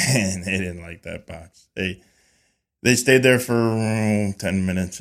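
A man guesting on a podcast, chatting casually and telling a lively story, acting out quoted dialogue with frequent restarts and repeated words. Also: sits low. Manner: animated, acts out quoted dialogue with lively voices.

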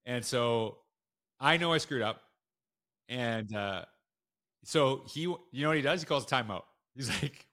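Guy principal on a podcast, bright forceful voice, acts out the quotes, lots of pitch jumps. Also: slow pace, long pauses. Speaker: school principal and guest. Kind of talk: casual storytelling in a podcast interview.

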